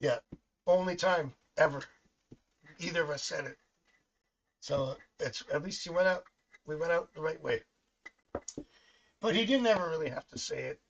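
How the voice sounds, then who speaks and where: A man's voice: a little high, normal speed, pauses often, lo-fi sound, slight background noise. Chatty middle-aged man reading tarot. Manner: chatty and rambling, laughs often, tells family stories. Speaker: psychic tarot reader. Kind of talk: live-stream tarot reading, casual chat.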